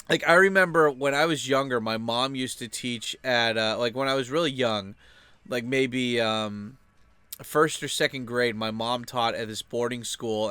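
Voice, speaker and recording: A man's voice: medium pitch, fairly bright tone, clear, resonant tone, no room sound. A young man talking casually on his own channel, rambling loosely with lots of filler words. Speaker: channel host.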